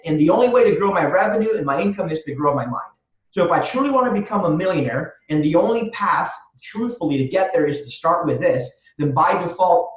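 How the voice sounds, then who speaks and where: A man's voice: fairly high pitch, reverberant, far from the mic, dull audio. A man guest on a podcast, answering in an earnest, motivational way and repeating phrases for emphasis. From Romania. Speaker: guest, real estate wholesaler.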